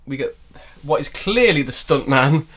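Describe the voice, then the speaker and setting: A man co-hosting a podcast, retelling film scenes in a relaxed way and acting out lines. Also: a little high, normal speed. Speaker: podcast co-host. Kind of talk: casual film recap chat.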